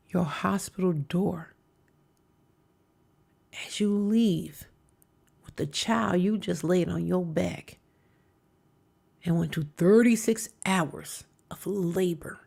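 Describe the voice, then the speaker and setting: Gravelly low-voiced woman hosting a stream. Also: slow, pauses often. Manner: emphatic, drops to hushed whispers for drama. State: coughing at times. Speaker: stream host reacting to videos. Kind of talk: casual storytelling commentary.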